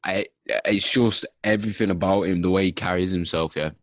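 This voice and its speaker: Young man, low voice, blunt and sweary co-host, dry close sound. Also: steady tone, fairly quick, dry recording. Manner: blunt and opinionated, swears freely. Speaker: podcast co-host. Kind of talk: casual chat.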